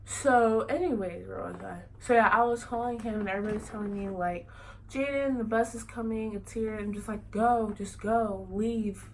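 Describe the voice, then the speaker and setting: A woman's voice: medium pitch, a little fast, creaky, a little hiss or hum, rough recording. Young woman rambling through a story. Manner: rambling, many fillers like "like" and "you know". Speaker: vlogger. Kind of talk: casual storytelling.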